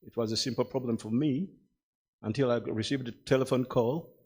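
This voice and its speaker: An older man giving a measured, deliberate speech to an audience, posing rhetorical questions. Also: medium pitch, a little mellow, husky. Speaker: festival speaker. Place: literary festival hall.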